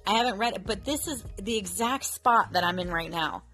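A woman's voice: mid-range voice, animated, a little fast, pushed and bright, soft background music. A woman in her thirties hosting a casual devotional podcast, talking earnestly and chattily with many fillers. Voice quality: chatty, earnest, lots of fillers like um and you know. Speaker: podcast host.

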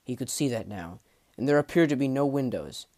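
A man narrating a fantasy audiobook in a measured, dramatic way, dropping low at the ends of phrases. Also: expressive, darkish tone. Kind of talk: storybook narration.

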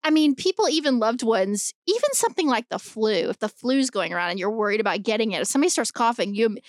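Woman, podcast co-host, casual chat, animated, argumentative, fairly high voice, dry close sound. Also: quick pace, no echo. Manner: animated, swears freely, argues her point.

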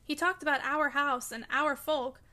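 A woman's voice: sits high, moderate pace, pushed and bright. A woman doing a spoiled, haughty girl of thirteen. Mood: indignant. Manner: haughty, petulant, imperious. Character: spoiled willful thirteen-year-old girl.

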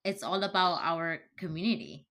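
A woman's voice: fairly low pitch, lively intonation, moderate pace, a bit bright. A woman hosting a podcast in casual chat, friendly and rambling, with many fillers. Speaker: podcast host.

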